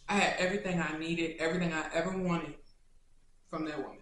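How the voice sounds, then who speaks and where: Young woman, casual vlog chat, animated and chatty, roomy echo, faint background noise. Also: low voice, quick pace. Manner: chatty and animated, turning tender and choked up. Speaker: vlogger. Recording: echoey room.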